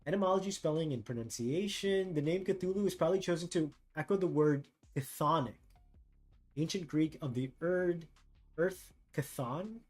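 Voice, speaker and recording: Musing male art streamer, slightly high voice. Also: faint music behind. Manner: musing, reads text aloud haltingly and thinks out loud. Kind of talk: casual livestream chat while drawing.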